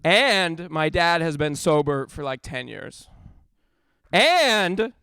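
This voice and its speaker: Gravelly young man doing stand-up. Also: a little high, big pitch swings, takes it slowly, sharp tone, dry recording, clean studio sound. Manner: rambling, self-interrupting, laughs at own jokes. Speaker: stand-up comedian. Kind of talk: stand-up storytelling. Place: comedy club stage.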